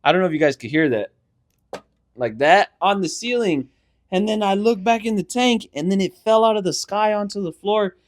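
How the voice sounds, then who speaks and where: A man's voice: high voice, moderate pace. A young man co-hosting a casual podcast, telling stories with lots of swearing and acting out every scene, holding a handheld mic. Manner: animated storyteller, swears a lot, acts out scenes. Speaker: podcast co-host.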